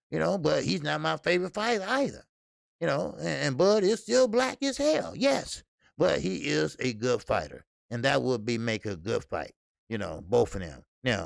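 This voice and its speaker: Male boxing host, slightly high and very gravelly, blunt, profane, rambling with fillers. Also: no echo, clean studio sound. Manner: excitable, blunt and profane, many repeated fillers. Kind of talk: casual livestream commentary.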